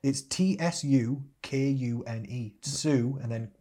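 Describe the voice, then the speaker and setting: Male co-host, casual chat, easygoing and giggly, mid-range voice, halting when he reads. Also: mid-range voice, dark tone. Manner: chatty, laughs often, reads out a list haltingly.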